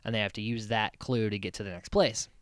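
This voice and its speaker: A man's voice: lowish voice, steady tone, quick pace, fairly bright tone, smooth, dry recording, clean studio sound. A man hosting a casual recap podcast, rambling and amused, with many restarts and frequent laughs. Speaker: podcast host.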